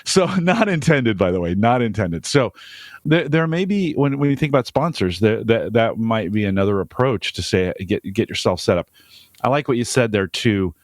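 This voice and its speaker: A man co-hosting a podcast, speaking in a lowish voice with measured, practical advice. He often repeats a word as he gathers his thought. The sound is dry and close, with no room around it. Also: animated, dry recording. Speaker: podcast co-host. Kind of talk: casual podcast chat.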